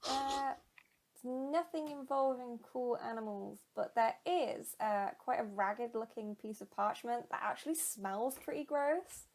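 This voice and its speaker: A woman's voice: fairly high pitch, measured pace, a little mellow. A woman acting as game master, describing scenes and laughing often while she narrates. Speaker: dungeon master.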